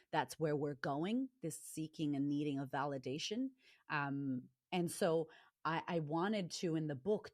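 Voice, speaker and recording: Low-voiced middle-aged woman guest, blunt and frank, dry close sound. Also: a little mellow, dry recording. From Latina, grew up in a rough neighborhood. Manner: blunt and frank, swears freely. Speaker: guest, confidence coach. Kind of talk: candid interview talk.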